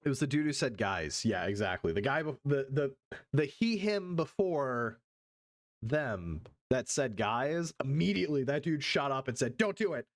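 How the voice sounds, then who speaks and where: A man's voice: medium pitch, big pitch swings, normal speed. A male streamer reacting live to a video, swearing a lot, joking, and jumping between put-on voices. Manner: profane, jokey, jumps between voices.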